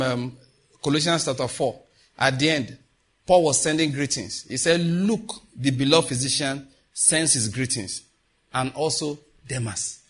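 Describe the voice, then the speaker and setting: A man's voice: a little high, fairly bright tone, breathy edge. A man preaching a sermon, reading scripture and leading the congregation in repeated declarations with emphatic delivery.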